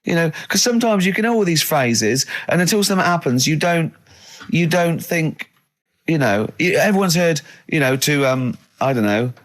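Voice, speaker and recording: A man's voice: fairly high pitch, animated, moderate pace. A male radio host in casual studio banter, telling little stories and often laughing. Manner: chatty storyteller, breaks into laughter.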